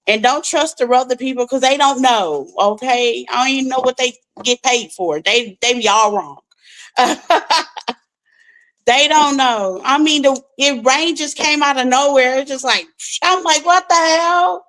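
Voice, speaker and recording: A young woman, hosting a tarot channel in casual chat, laughing often and talking in animated slang. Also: high-pitched, measured pace, rough recording. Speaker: tarot reader, channel host.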